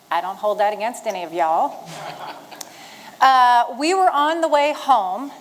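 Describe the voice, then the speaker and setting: Captured in poor audio, a folksy, humorous middle-aged woman from western Virginia's Shenandoah Valley delivers a storytelling speech from the stage, her voice somewhat high. She pulls the audience in and rallies them, much as a retired Marine might a room of fellow veterans.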